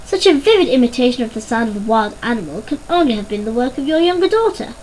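A woman voicing a pompous, weary father who speaks acidly and with measured care. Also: a little high, big pitch swings, a little hiss or hum, rough recording.

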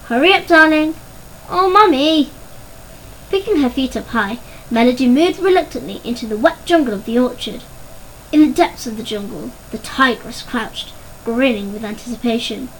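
Woman reading a kids storybook out loud, expressive and measured, highish voice, bit of faint noise. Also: rough recording. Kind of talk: storybook narration.

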